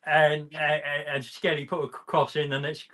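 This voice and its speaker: A man's voice: on the high side, completely flat delivery, moderate pace, bright, forceful tone. A man co-hosting a football stream, describing the play and hesitating with frequent "uh"s. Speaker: co-host giving play-by-play. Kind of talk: live football commentary chat.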